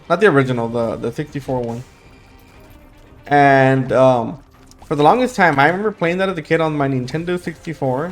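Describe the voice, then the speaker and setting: A young man with a dry throat and a sleepy late-night voice, chatting casually while playing a game and rambling through his thoughts with fillers. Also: a little high. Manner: rambling, thinks aloud with fillers and restarts. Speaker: gaming YouTuber. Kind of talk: casual gameplay commentary.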